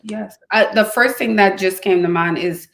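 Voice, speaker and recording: A woman's voice: medium pitch, moderate pace, gravelly, a bit bright. A woman hosting a live advice chat, speaking directly and encouragingly to a caller and to her viewers. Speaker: advice show host.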